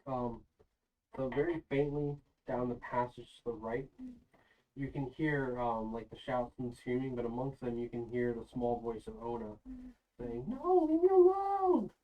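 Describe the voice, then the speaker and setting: A man's voice: mid-range voice, little pitch movement, normal speed, highs cut off. A man running a tabletop game as game master, narrating in a loose, rambling way. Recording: voice sounding far from the mic.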